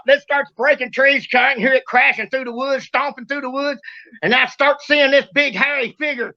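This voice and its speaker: A man with a Kentucky Southern accent telling a story as host, excitable and drawling, acting out sounds and shouts. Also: very high voice, a little fast, muffled recording. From Kentucky, USA. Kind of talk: animated storytelling.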